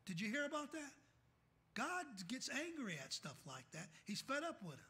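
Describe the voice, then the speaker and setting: A middle-aged man preaching a fiery sermon as pastor. He calls out questions for the congregation to finish and swings from shouting to soft, quiet asides. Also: extremely high pitch, wildly swooping pitch, normal speed. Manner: calls out "what?" for the congregation to fill in scripture.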